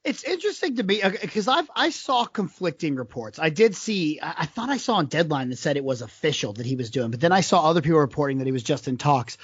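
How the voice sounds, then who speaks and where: A man's voice: fairly high pitch, sing-song, fast, few pauses, breathy edge, no room sound. A man co-hosting a casual podcast, slangy and joking with a sarcastic edge. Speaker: podcast co-host. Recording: dull lo-fi dry sound.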